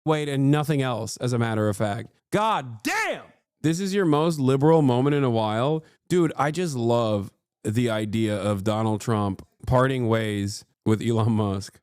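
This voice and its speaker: A man in his thirties doing casual livestream commentary from home, profane, excitable and mocking as he rants about the news. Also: medium pitch, clean tone, dry recording, studio quality. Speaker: streamer reacting to news. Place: home streaming room.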